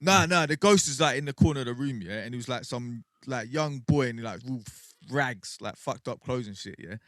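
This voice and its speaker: A man telling a ghost story in casual podcast banter, animated and laughing often. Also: medium pitch, fairly quick, no echo. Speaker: podcast co-host.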